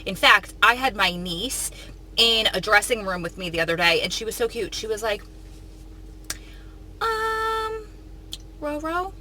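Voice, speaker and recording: A woman chatting straight to her viewers in a bright, clear voice with a faint hum of ambience behind her. She rambles from one thought to the next, full of "um" and "like," and keeps things jokey and light. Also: mid-range voice, a little fast, rough recording. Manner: chatty, rambling, many fillers; laughs easily, jokey. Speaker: vlogger. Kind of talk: casual vlog chat.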